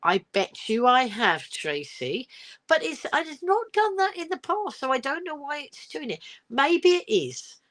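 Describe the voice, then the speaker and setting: This older Englishwoman's voice is high-pitched and fairly bright, swinging widely in pitch at a measured pace. As a livestream host on her phone, she chats casually, giggling, rambling and reading out what viewers write, recorded through the phone camera mic.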